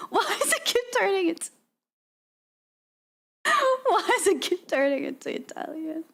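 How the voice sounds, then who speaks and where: A woman's voice: sits high, very animated, measured pace. A woman streamer chatting casually with her audience in a playful, giggly way and trying out words aloud. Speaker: streamer host. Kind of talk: casual live-stream chat.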